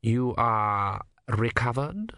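A man voicing a cold, menacing male religious leader who speaks slowly, deliberately and sharply. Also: medium pitch, expressive, sharp tone, clear, resonant tone, no echo, studio quality, heavily acted.

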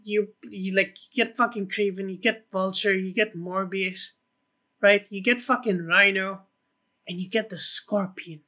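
High, bright-voiced man pitching movie ideas. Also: a little slow. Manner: excited pitching of ideas, heavy swearing, lots of "like" fillers. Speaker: podcast co-host. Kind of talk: casual film podcast chat.

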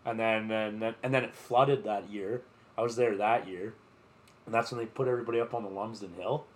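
A man's voice: lowish voice, fairly even intonation, a little fast. A man co-hosting a podcast, telling a festival story in a rambling, filler-heavy way with plenty of swearing. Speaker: podcast co-host. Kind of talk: casual chat.

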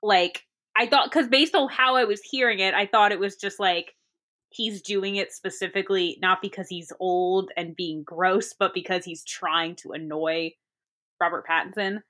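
Giggly bright-voiced woman. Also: mid-range voice, fairly even intonation, moderate pace. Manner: giggly, lots of filler words, trails off. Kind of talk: casual podcast chat about a film.

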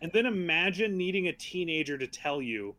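A man co-hosting a casual movie-review podcast. His voice sits somewhat high for a man, and his delivery is sarcastic and loose, full of fillers and quick laughs. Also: big pitch swings, sharp tone. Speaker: podcast co-host.

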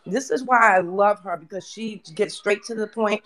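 Woman host, energetic, preachy, live audio chat, medium pitch. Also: normal speed. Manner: energetic, preachy, with frequent fillers and laughs.

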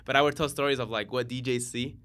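Man, 20s, bright voice, casual slangy storyteller, gets animated. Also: medium pitch, quick pace. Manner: laid-back storytelling, slangy and animated when excited. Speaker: guest, DJ and software engineer. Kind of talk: casual podcast chat.

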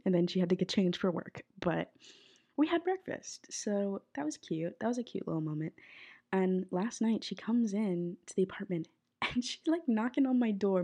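A woman's voice: mid-range voice, warm tone, husky. A young woman hosting a podcast, chatting casually with lots of fillers, a bit sick. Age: young adult. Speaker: podcast host. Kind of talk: casual chat. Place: college apartment bedroom.

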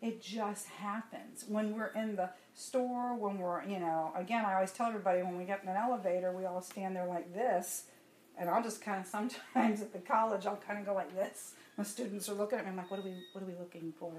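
A woman's voice: medium pitch, fairly quick, slight background noise. A woman, telling a personal testimony to a congregation in a conversational, storytelling way. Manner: conversational storytelling, animated when laughing. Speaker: church speaker giving testimony. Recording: echoey room with faint ambience.

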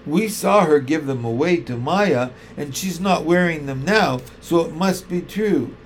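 An earnest, insistent young girl from a storybook, voiced by a man reading aloud. The voice is slightly raised and slow. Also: fairly high pitch, animated, a little hiss or hum, poor audio.

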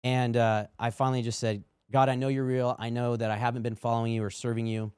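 A man's voice: medium pitch, little pitch movement, fast talker, a little mellow, smooth, no room sound. Middle-aged male podcast guest, earnest testimony storyteller, dry recording. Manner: earnest storytelling, acts out quoted dialogue. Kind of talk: testimony in casual chat.

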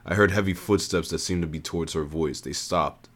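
Low-voiced man reading a first-person story. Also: fairly quick. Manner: earnest, with frequent restarts and rereads.

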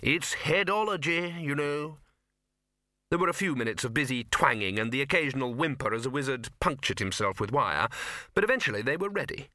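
A man narrating a comic fantasy audiobook with expressive storytelling. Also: mid-range voice, quick pace, no echo, clean studio sound. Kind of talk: scripted narration.

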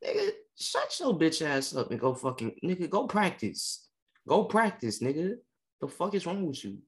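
A man's voice: on the high side, wildly swooping pitch, normal speed. A man co-hosting a sports talk show, ranting heatedly and scolding players with plenty of swearing. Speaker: podcast co-host. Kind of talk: profane sports rant.

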